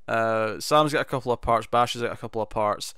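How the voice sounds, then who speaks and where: A man's voice: mid-range voice, a little fast, a bit bright, clear, resonant tone, no room sound, clean studio sound. A man co-hosting a podcast, recapping a TV episode in a rambling, amused way. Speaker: podcast co-host. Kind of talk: casual TV review chat.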